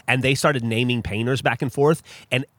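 A man co-hosting a casual podcast chat in a coffee shop, telling stories with animated enthusiasm. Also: medium pitch, normal speed, no echo. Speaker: podcast co-host.

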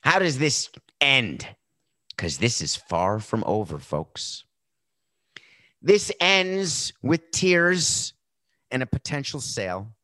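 A man hosts a sports show and delivers a mocking, sarcastic monologue. His pitch swoops up and down with lots of life. The recording is dry and close. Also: sing-song, takes it slowly, sharp tone, no room sound. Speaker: sports talk show host. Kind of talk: satirical sports commentary monologue.

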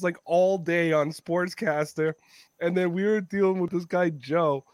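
Brief: man from Canada, co-host, raised pitch, salty animated storyteller, dry close sound. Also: unhurried, no echo. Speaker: podcast host. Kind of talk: casual chat.

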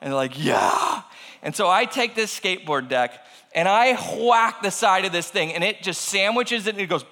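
A man in his thirties telling an animated personal story to an audience, acting out the voices of the people in it. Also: sits high, normal speed, big-room sound. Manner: animated, acts out voices in quotes.

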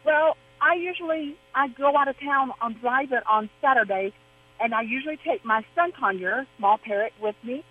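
A woman calls in over a dull, lo-fi phone line. Her voice is husky and a bit rough, and she rambles warmly through her story, backing up and restarting as she talks. The sound is a radio phone-in. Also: high voice, moderate pace. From Arizona, USA. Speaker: caller. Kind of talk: phone-in question. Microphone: telephone.

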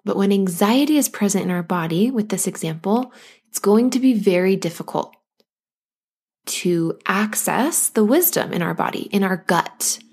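A woman hosting a podcast as a postpartum coach, speaking gently and reassuringly to listeners, acting out anxious thoughts in quick asides. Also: mid-range voice, lively intonation, slightly rough.

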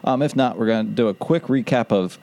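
Mellow-voiced man hosting a casual podcast. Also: mid-range voice, fairly quick. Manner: rambling, laughs at his own ideas. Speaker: podcast co-host.

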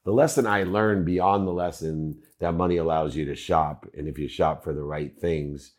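A man with a very low, deep voice talks straight to his viewers. He is reflective and earnest. He strings his points together in steady, measured lists. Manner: measured, earnest, list-like phrasing. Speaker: host of own video channel. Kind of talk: reflective commentary to camera.

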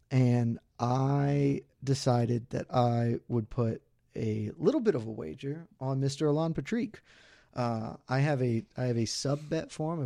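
Mellow-voiced man on a betting podcast. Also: medium pitch, creaky, no echo, studio quality. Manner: loose, rambling, self-deprecating. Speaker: podcast co-host. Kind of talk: casual betting podcast chat.

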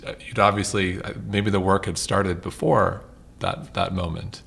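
Interviewer, male, very low and gravelly; short encouraging prompts. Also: fairly even intonation, moderate pace, fairly bright tone, a little hiss or hum. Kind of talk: interview questions and short replies.

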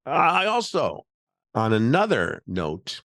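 A man's voice: medium pitch, wildly swooping pitch, slow pace, fairly bright tone, dry recording. A middle-aged man hosting a casual, opinionated commentary monologue, chatty and full of fillers and asides. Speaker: show host.

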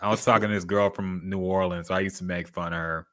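A man's voice: low voice, fairly even intonation, fast, fairly bright tone. A man co-hosting a podcast, chatting casually in a laid-back, slangy, profane way. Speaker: podcast co-host.

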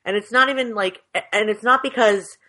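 A woman's voice: fairly high pitch, moderate pace, sharp tone. A woman co-hosting a podcast, talking in a chatty, rambling and frank way over a video call. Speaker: podcast co-host. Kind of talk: casual chat. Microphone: headset on a video call.

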